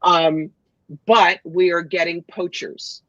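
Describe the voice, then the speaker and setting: A woman author chatting on a livestream, telling stories with lively quoted bits. Her voice is mid-pitched and sounds dull and lo-fi, very dry with no room. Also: dry recording. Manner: animated storyteller, quick to quote and act out others. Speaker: guest author. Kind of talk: casual livestream chat.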